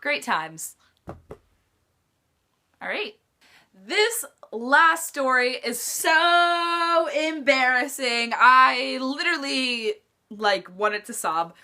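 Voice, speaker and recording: A woman's voice: sits high, lively intonation, very slow, sharp tone. A teenage girl vlogging in a chatty storytime style, full of "like" fillers. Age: teens. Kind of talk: casual storytime chat.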